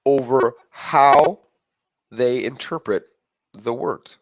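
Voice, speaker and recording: A man's voice: mid-range voice, slow pace, gravelly, no echo. A man giving a casual motivational talk, rambling and breaking off mid-thought, acting out other people's reactions. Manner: rambling, self-interrupting, acts out quoted reactions. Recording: dull lo-fi dry sound.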